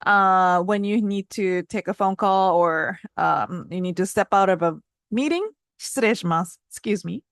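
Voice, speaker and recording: A woman teaching phrases in a casual spoken lesson, modeling words with lively jumps in pitch. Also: normal speed, few pauses, dry recording, clean studio sound. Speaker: Japanese language teacher.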